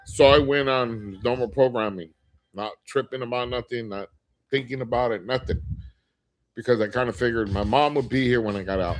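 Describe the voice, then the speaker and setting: A man's voice: mid-range voice, moderate pace, faint music behind, low-quality recording. Candid middle-aged man hosting a livestream. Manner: candid, rambling, with frequent fillers and restarts. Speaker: livestream host. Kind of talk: casual livestream chat, reading viewer comments aloud.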